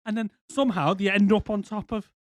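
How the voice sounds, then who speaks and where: A man's voice: high voice, steady tone, a little fast, no room sound. A man co-hosting a podcast, ranting in casual, profane chat and slipping into mock voices. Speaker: podcast co-host.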